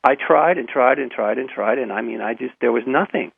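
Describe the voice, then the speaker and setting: A man guest telling a personal story in a radio interview, halting and repeating his words, with frequent chuckles, over a phone line. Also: medium pitch, gravelly, breathy edge, dry recording.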